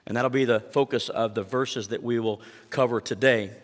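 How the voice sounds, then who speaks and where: A pastor giving a sermon, reading verses and explaining them with emphatic rises and asides to the congregation. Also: male voice, mid-range voice, fairly even intonation, moderate pace, big-room sound.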